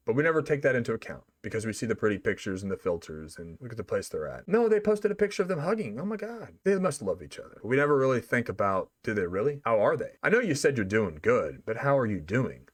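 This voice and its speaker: A man hosting a podcast, arguing his opinions bluntly in a monologue full of swearing. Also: mid-range voice. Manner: blunt, heavy swearing, argumentative. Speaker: podcast host.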